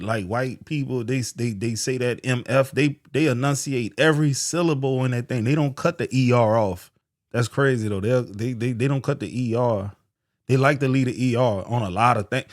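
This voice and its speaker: A man hosting a reaction video, giving casual, slangy, animated commentary over a clip he is playing. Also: mid-range voice, no room sound, clean studio sound.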